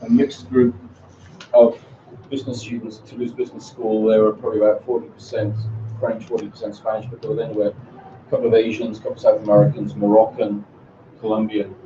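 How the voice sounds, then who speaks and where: Man teaching, dark voice, roomy distant mic. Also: lowish voice, level tone, a little fast. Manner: chatty storytelling, many restarts. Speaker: English teacher presenting a seminar. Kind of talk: conference seminar talk. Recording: roomy, distant, dull lo-fi with faint noise.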